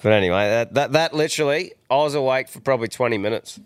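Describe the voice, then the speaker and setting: A man's voice: medium pitch, quick pace, clear, resonant tone, no echo, clean studio sound. A young Australian man hosting a podcast, chatting in crude, jokey banter and telling stories with animation. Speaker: podcast host. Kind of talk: casual banter.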